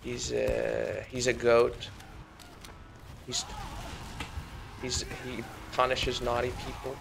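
A man's voice: medium pitch, monotone, takes it slowly, creaky, background noise. A man doing a celebrity impression while commentating a game, meandering and self-mocking and easily sidetracked. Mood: rambling. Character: slow, gravelly, rambling celebrity-impression man.

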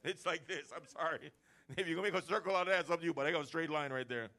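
A man preaching a lively sermon to his church, acting out everyday chats as he goes. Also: a little high, very fast. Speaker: pastor. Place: church service.

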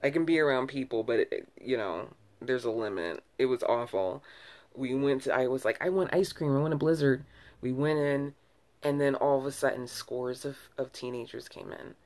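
A woman's voice: a bass voice, moderate pace, a little mellow. Rambling candid woman vlogger. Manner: rambling, candid, frequent restarts and self-corrections; sighs between thoughts. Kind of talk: casual early-morning ramble to camera.

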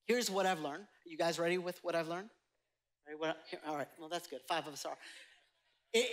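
A man's voice: high voice, fairly bright tone. A male pastor preaching a sermon to a live congregation, conversational and emphatic, joking with the room. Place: church sanctuary with live congregation.

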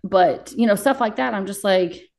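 A woman's voice: mid-range voice, moderate pace, creaky, a little mellow. A young woman paramedic recounting her experiences in an interview, bluntly and emotionally, with frequent swearing. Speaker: paramedic guest. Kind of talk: candid interview storytelling.

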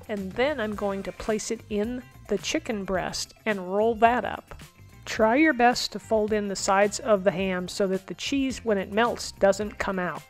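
A woman hosting a home cooking demonstration in an upbeat way, throwing in corny chef jokes. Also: mid-range voice. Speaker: cooking show host.

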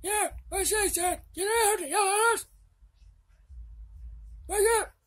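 Brief: woman doing a shrill, bossy toothless old grandpa who shouts orders, bright high voice. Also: unhurried. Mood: scolding. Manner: scolding, shouty.

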